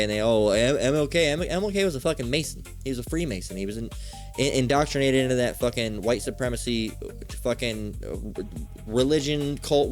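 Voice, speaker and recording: A man delivers a fervent religious lesson in a mid-range voice, full of profanity and repeated "all right?" check-ins. His talk runs loose and conversational, like a street preacher. Faint music plays softly behind him. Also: mid-range voice. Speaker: religious teacher.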